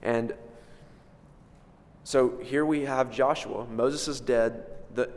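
A man preaching an expository sermon with emphatic delivery, rising for stress and dropping low for quiet points. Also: fairly even intonation, slow. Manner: emphatic, swells and drops in loudness for stress. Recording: long reverb of a large hall.

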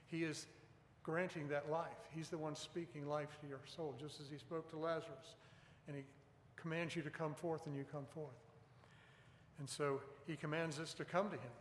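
A man's voice: fairly high pitch, steady tone, normal speed, a little hiss or hum. A man preaching a sermon in an earnest, emphatic way, pressing on key words. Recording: echoey hall with long reverb.

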